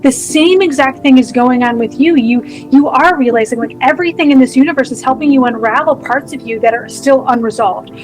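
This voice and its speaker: A woman's voice: high voice, fairly quick, few pauses, soft background music, rough recording. A woman co-hosting a podcast, talking about spiritual ideas in an enthusiastic, affirming way. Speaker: podcast co-host. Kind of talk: casual spiritual conversation.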